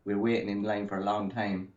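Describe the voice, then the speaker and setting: A man's voice: lowish voice, little pitch movement, quick pace, a little mellow. A man in his thirties from Cork with an Irish accent, chatting loosely as an interview guest over a video call, full of fillers. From Ireland. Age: 30s. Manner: rambling, full of fillers and likes. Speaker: guest artist. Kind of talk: casual chat. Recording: echoey, dull video call audio.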